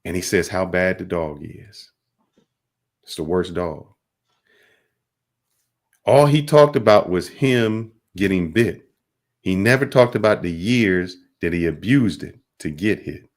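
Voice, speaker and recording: Low-voiced host dude telling a little story, laid back and plain. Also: male voice, animated, slow pace, pauses often. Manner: tells a parable in plain casual speech. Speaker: podcast host. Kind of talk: reflective storytelling.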